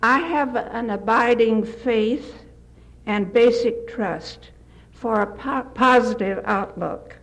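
An older retired woman giving a gentle devotional talk, telling stories with occasional slips and restarts. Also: on the high side, slow pace, poor audio. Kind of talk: folksy devotional talk with anecdotes.

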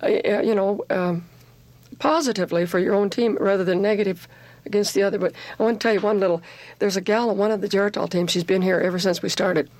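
A woman who coaches softball, telling stories in a lively way during a casual radio discussion. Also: mid-range voice, quick pace, no echo. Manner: lively storyteller.

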